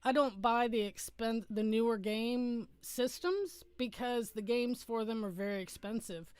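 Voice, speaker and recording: Chatty middle-aged woman, smooth dry voice. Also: a little high, unhurried, darkish tone, no room sound. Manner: rambling, chatty storyteller who often corrects herself. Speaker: musician hosting a livestream. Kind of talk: casual livestream chat.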